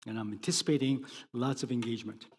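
A man preaching a sermon, emphatic, swinging between loud declarations and hushed words. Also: mid-range voice, quick pace, slightly rough. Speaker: pastor. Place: church sanctuary. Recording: long hall reverb.

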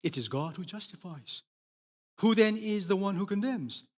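A man preaching a sermon, emphatic, swinging between loud declarations and hushed words. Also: high voice, expressive, moderate pace. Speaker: pastor. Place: church sanctuary. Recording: long hall reverb.

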